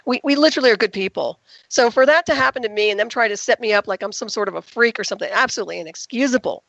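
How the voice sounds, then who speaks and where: A woman's voice: fairly high pitch, racing, creaky, fairly bright tone, no room sound. A woman guest on a call-in radio interview, telling her story in an emphatic, indignant way. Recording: dull, dry lo-fi recording.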